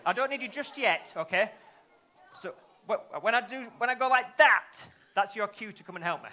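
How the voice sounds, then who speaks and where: A man's voice: high-pitched, expressive, moderate pace, pushed and bright. A man performing a live children's magic show, teasing and playful, constantly asking the young audience questions. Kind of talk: live kids' show patter.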